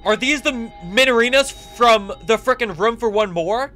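A bright, high-pitched young man commenting on a game as he plays it. He is excitable and reacts loudly, and his voice swoops through a lively range. Faint music plays behind him. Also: normal speed, few pauses. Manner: excitable, shouting reactions and laughing. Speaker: gaming YouTuber. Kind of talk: let's play commentary.

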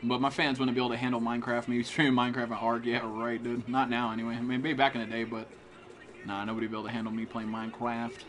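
A man's voice: mid-range voice, level tone, fast, fairly bright tone. A man streaming a game live, swearing and trash-talking other players while he greets chat viewers. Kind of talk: live gameplay commentary.

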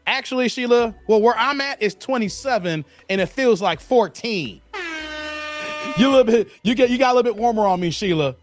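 A man's voice: extremely high pitch, animated, fairly quick, faint music behind. A man from the Chicago area hosting a casual livestream, reading viewer comments and teasing them with lots of laughter. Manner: laughing, teasing banter with chat. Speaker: livestream host.

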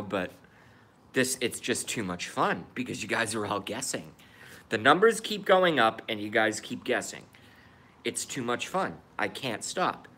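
Bright-voiced man ranting on a stream. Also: medium pitch. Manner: blunt, swears freely, reacts to chat. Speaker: livestream host. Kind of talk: casual livestream rant.

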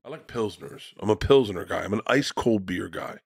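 Middle-aged male comedian guest, low voice, dry close sound, profane rambling storyteller. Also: lively intonation, moderate pace, creaky, breathy edge, no echo, soft background music. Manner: profane, rambling anecdotes with restarts. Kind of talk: casual storytelling conversation.

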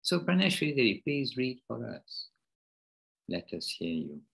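A man hosting an informal devotional class online, speaking haltingly and rephrasing himself mid-sentence. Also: medium pitch, big pitch swings, vocal fry, a bit bright, slightly rough, poor audio. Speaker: class host.

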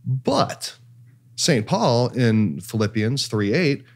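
A man's voice: mid-range voice, animated, slow pace. A man co-hosting a casual panel discussion, explaining scripture at length with many "you know"s. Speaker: podcast co-host.

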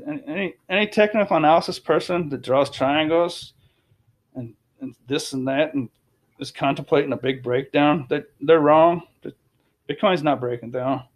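A man giving casual, emphatic commentary over charts, repeating phrases and restarting sentences. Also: a little high. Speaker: crypto commentator.

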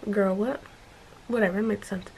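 Chatty young woman with a mellow voice. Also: mid-range voice, fairly even intonation, normal speed, slight background noise, low-quality recording. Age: young adult. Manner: rambling, chatty, heavy use of "like". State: stuffy from allergies and a runny nose. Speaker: vlogger. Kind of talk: casual vlog chat to camera. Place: bedroom at home.

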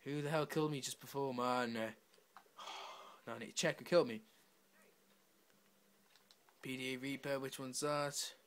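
A man's voice: medium pitch, fairly even intonation, normal speed, long pauses, a bit bright, smooth. A man giving brash, swearing commentary over his own gameplay, talking to himself and taunting other players. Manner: brash, swearing trash talk. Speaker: gamer.

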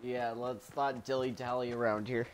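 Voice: mid-range voice, level tone, normal speed, a little hiss or hum. A gamer chatting casually with a partner during play, joking around and breaking into laughter and sudden squeals. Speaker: gamer playing with a duo partner. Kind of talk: casual let's-play chat.

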